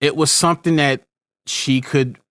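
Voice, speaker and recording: On a casual podcast, a male co-host talks as a parent, wandering off topic and restarting often. His voice sits a little high with a fairly bright tone and fairly even intonation, moving at a moderate pace with no echo.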